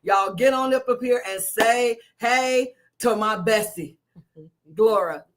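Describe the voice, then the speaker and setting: A woman minister hosting a casual live stream, excitable and talkative, who often repeats herself and greets viewers by name. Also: a little high, measured pace.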